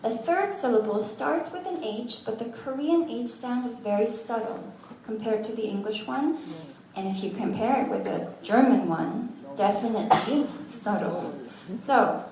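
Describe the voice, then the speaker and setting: A woman's voice: on the high side, normal speed, few pauses, a little mellow. A woman teaching a language class, patiently sounding out words syllable by syllable with good-humored asides. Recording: echoey room, from far off.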